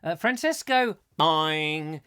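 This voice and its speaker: A man's voice: on the high side, animated, slow, bright, forceful tone, smooth. A middle-aged man hosting a live chat show, chatty and theatrical with rambling asides while he reads out viewer comments. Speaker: host.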